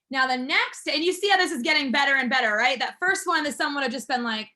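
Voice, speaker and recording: Bright, high-voiced woman instructor. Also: fast talker, hardly any pauses. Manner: upbeat, encouraging, explains step by step. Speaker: martial arts school instructor. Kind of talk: classroom teaching.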